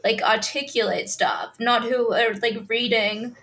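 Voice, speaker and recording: A woman's voice: fairly high pitch, measured pace, fairly bright tone. A young woman co-hosting a podcast in casual chat, blunt, swearing and backing her friend up. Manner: blunt, frequent agreeing backchannels, swearing. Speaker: podcast co-host.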